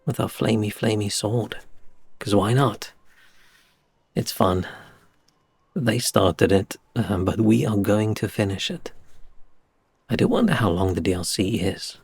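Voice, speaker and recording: A low-pitched man streaming from home talks unhurriedly to his viewers, his voice gravelly with a husky edge. He rambles, sighs and pokes fun at himself in a soft, slightly mumbled way, close on a desk mic with faint music underneath. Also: no echo. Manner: rambling, sighing, self-deprecating. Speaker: game streamer. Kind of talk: casual live-stream chat before gameplay. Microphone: desk microphone with compressor and equalizer.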